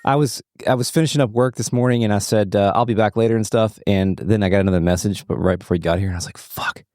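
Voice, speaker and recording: A man's voice: fairly low pitch, racing, mellow, a little hiss or hum. A man co-hosting a podcast, chatting casually while playing a game, rambling and swearing. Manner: rambling, swearing, trails off and restarts. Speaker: podcast co-host.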